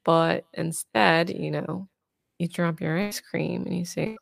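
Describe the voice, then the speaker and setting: Woman therapist talking real slow and measured, low voice. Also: fairly even intonation, creaky, no echo. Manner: slow, measured counselor talk.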